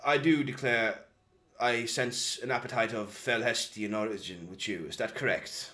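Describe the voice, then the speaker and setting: A man's voice: medium pitch, moderate pace, pushed and bright, natural voice. A man voicing a pompous, formal nobleman with flowery manners in a tabletop game. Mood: courtly. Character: pompous, courtly nobleman, young adult.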